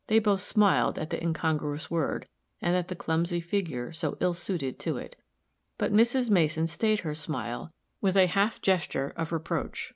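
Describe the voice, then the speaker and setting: A woman narrating a novel aloud in a calm, even storytelling manner. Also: lowish voice, moderate pace. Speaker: audiobook narrator.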